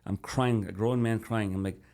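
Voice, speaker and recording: Low-voiced man telling his story, bro-style. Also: moderate pace. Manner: animated, addresses host as "bro". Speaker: podcast guest. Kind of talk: casual storytelling.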